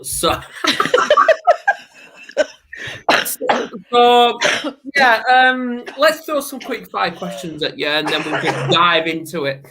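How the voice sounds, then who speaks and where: Man, podcast host, slow delivery, bright forceful tone, rambling, self-correcting. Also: sits high, animated, slight background noise. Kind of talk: casual show intro and chat.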